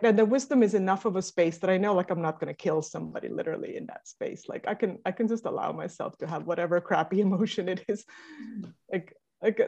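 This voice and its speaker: Guest, female, lively storyteller who laughs a lot, slightly muffled recording. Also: mid-range voice. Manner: animated storytelling, laughs often. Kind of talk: reflective casual conversation. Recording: muffled lo-fi audio.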